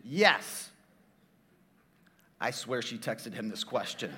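A man's voice: mid-range voice, wildly swooping pitch, very slow, pauses often, in a large hall, background noise. A middle-aged man, a pastor, tells a funny personal story in a sermon, jokey and talking straight to his audience.

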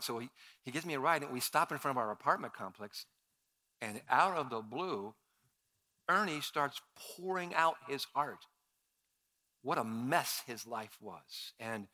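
A man preaching a sermon, telling personal stories in an animated way, his voice rising loud for emphasis. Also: medium pitch, measured pace, pauses often. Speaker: pastor.

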